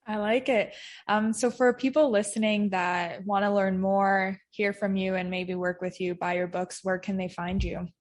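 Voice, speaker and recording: A woman's voice: mid-range voice, flat delivery, moderate pace. Female podcast host, affirming and curious, casual interview delivery. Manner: friendly, affirming, asks open questions. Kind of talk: interview conversation.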